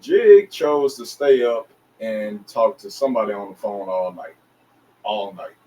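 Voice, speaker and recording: A man from the Atlanta area, a DJ and rapper, telling a long story in a casual interview with slang and lively voicings of the people he quotes. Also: on the low side, measured pace. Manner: animated, slangy storyteller who acts out others' voices. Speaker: interview guest, DJ and recording artist. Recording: distant mic with faint background noise.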